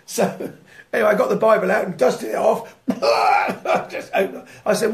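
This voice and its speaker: High, gravelly-voiced preacher. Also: male voice, moderate pace. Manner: fervent, swinging between loud declarations and hushed prayer; laughs often while telling a story. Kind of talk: sermon with prayer and testimony.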